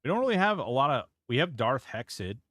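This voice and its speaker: A man's voice: medium pitch, very animated, fast, a bit bright, no room sound. A man streaming a game and chatting casually, rambling and reacting as he plays, swearing freely into a close desk mic. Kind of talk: casual live-stream gameplay commentary.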